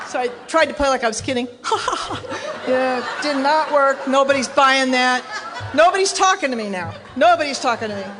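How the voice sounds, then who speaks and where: A woman from Texas at a recovery meeting podium tells her story with candid, self-mocking humor. Her voice sits a little on the high side. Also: background noise. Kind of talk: personal story told to an audience.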